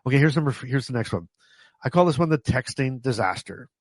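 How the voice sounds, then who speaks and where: A man's voice: mid-range voice, expressive, fast, dry recording. A man from Canada tells stories from his own life in a chatty, self-mocking way. He breaks into laughter often and trips over his words before starting again. His voice sits in a middle register and sounds close and dry, with no room around it. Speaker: vlogger. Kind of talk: casual storytelling to camera.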